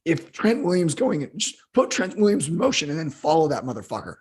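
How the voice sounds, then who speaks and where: A hoarse man co-hosting a football podcast, ranting in heated, profane casual chat. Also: fairly high pitch, sing-song, brisk, a little mellow. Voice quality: husky. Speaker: football analyst co-host.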